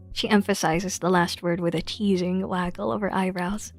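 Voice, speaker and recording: A woman streamer reading a story game's narration aloud in a slow, hushed way, breaking off for blunt, swearing asides. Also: mid-range voice, soft background music.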